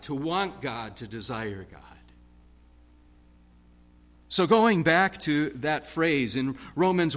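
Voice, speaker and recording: A man preaching a sermon in a rhythmic, emphatic way, swinging from loud stress to hushed tones. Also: mid-range voice.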